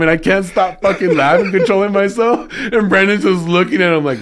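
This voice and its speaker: A man's voice: sits high, fairly quick, hardly any pauses. A young man co-hosting a podcast in casual chat, laid-back and profane, laughing often as he tells stories. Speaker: podcast co-host.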